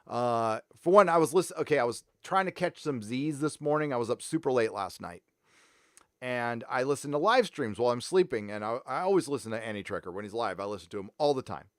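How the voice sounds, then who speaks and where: A man's voice: mid-range voice, no room sound, clean studio sound. A man hosting a casual livestream, talking bluntly and profanely in a loose, rambling way. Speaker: livestream host.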